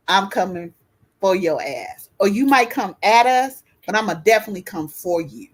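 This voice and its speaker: A woman's voice: lowish voice, animated, unhurried. A woman in her fifties co-hosting a casual discussion, talking bluntly and profanely with a fired-up edge. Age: 50s. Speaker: podcast co-host.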